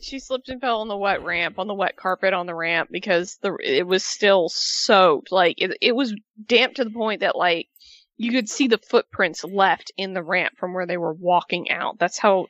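A woman co-hosting a casual wrestling recap, talking in a chatty, animated way with rambling asides. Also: medium pitch, no echo, dull audio. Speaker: podcast co-host.

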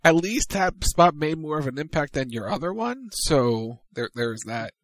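A man's voice: fairly high pitch, animated, moderate pace, fairly bright tone, no room sound. A man hosting a casual podcast, introducing his co-hosts with wry, teasing banter. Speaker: podcast host. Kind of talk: casual wrestling podcast chat.

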